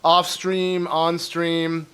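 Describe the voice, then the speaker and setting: A man streaming a game live, chatting casually and rambling to his viewers while his phlegmy throat keeps needing clearing. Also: on the high side, monotone, drawn-out words, a bit bright. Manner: rambling, chatty, talks to chat. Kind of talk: casual live gameplay commentary.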